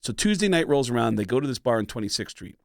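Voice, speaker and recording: A male comedian guest telling stories in a casual, animated way, slipping into voices as he goes. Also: mid-range voice, fast talker, gravelly, no room sound, clean studio sound. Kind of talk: casual storytelling.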